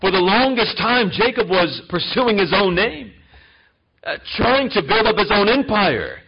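A male pastor preaches with emphasis, shifting from forceful lines to near-quiet ones. His voice is high and husky. The sound is dull and lo-fi, like a church recording. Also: lively intonation, measured pace. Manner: emphatic, swinging between loud and soft. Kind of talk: sermon.

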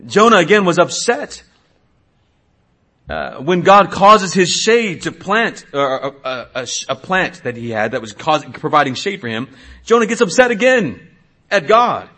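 A man's voice: fairly high pitch, sing-song, a little slow, pushed and bright. A middle-aged man, a pastor, preaching a sermon in an earnest way, asking questions and sometimes restarting.

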